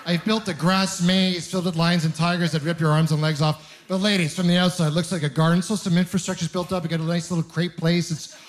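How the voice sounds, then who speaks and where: A man's voice: a little high, quick pace, hardly any pauses. A young man performing a stand-up comedy set on stage, telling stories and acting out both sides of his dialogues. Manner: animated storytelling, acts out both sides of dialogues. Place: comedy stage with a live audience.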